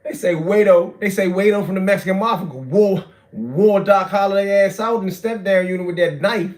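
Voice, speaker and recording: A man, telling street stories. He is loud and profane, jumping from shouting to low muttering. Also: moderate pace. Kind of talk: animated street storytelling.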